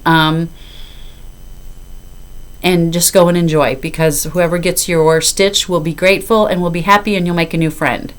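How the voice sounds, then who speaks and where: Woman in her 50s rambling about her stitching, kinda low voice, lots of ums and sorrys. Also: fairly even intonation, normal speed, pauses often. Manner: rambling and apologetic, with filler. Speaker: cross-stitch vlogger. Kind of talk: casual chat to camera.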